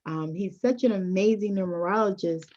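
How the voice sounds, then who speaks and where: A woman's voice: mid-range voice, normal speed, mellow. A woman hosting a podcast interview, enthusiastic and chatty with frequent fillers. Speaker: podcast host. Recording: dull lo-fi audio.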